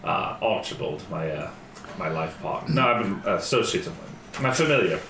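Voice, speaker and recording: A man's voice: low voice, expressive, normal speed, pitched below the performer's own voice. A man voicing a fussy male wizard who stammers through polite introductions. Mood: flustered. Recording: echoey room, background noise.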